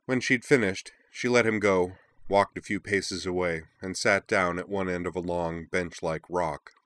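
A man narrates a fantasy audiobook with measured, expressive storytelling. His voice sits very low. The recording is dry and close. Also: dry recording.

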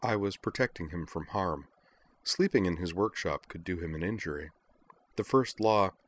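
A man voicing a composed female android girl who speaks flatly and calmly, in a storybook reading. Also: low voice, moderate pace. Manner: flat, calm, emotionless.

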